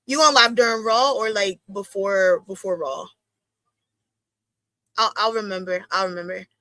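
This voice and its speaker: Chatty young woman with a bright, sharp voice. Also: moderate pace, dry recording. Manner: chatty and slangy, reacting with big swoops into high exclamations. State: itchy watery eyes from allergies. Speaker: streamer hosting a wrestling watch-along. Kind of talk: casual live-stream commentary.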